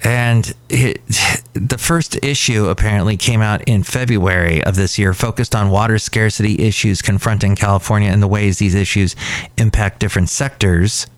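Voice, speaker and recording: Sarcastic ranting podcast host, lowish voice. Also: male voice, steady tone, normal speed, dry recording. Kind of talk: casual solo podcast talk. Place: outside a cafe.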